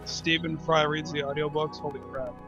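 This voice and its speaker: A man's voice: fairly high pitch, little pitch movement, normal speed, muffled recording, music in the background. Chatty man playing a game. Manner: rambling, chatty, jokey. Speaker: game player and channel host. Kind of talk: casual let's-play chat.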